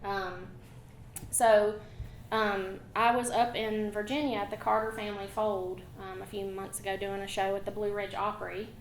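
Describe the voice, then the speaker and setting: A woman's voice: medium pitch, little pitch movement. A woman with an Appalachian accent, a folk ballad singer singing and chatting with a live audience in a chatty, storytelling way. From Appalachian North Carolina. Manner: chatty, friendly storyteller with quick asides. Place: museum concert hall. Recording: echoey hall with faint room noise.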